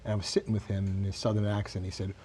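Male co-host, mellow tone, lowish voice, affirming. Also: flat delivery. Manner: affirming, with many quick agreements. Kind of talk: conversational talk show.

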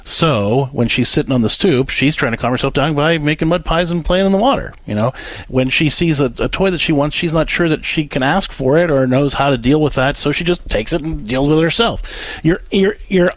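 A man's voice: on the high side, brisk, dry recording. A man co-hosting an advice talk show, counseling a caller on parenting and acting out what parents and kids say. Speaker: radio show co-host, counselor.

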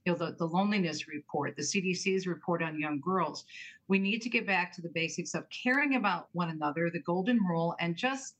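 A woman's voice: on the low side, fairly quick, fairly bright tone, low-quality recording. A woman guest in an interview, talking about her book in an earnest, emphatic way. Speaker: guest author and talk show host. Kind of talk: interview conversation.

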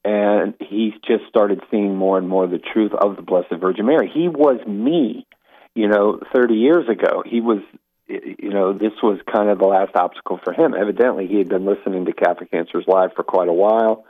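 A man's voice: on the low side, normal speed. A man, a Catholic apologist, telling stories as a guest on a radio interview, full of restarts and asides. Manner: animated storyteller with many restarts. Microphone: phone call into radio show. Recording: tinny phone line.

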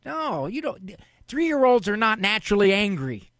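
A middle-aged man hosting a radio advice show, talking in a casual, animated, folksy way. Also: high-pitched, normal speed, dry recording, studio quality. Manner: animated, folksy, acts out parents' quotes. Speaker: radio show host and psychologist.

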